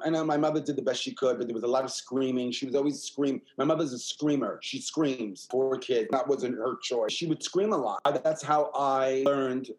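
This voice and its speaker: A man, a guest telling stories about his life in an interview, animated and repetitive, acting out the voices of the people he quotes. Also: mid-range voice, poor audio. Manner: animated, repeats himself, acts out quoted voices. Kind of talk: candid interview storytelling.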